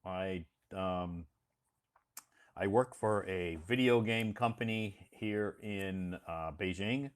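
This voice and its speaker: Deep-voiced American man, slow and patient. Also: smooth. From United States. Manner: slow, patient, repeats words for learners. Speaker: live stream host and English teacher. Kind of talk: casual live stream chat. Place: home in Beijing.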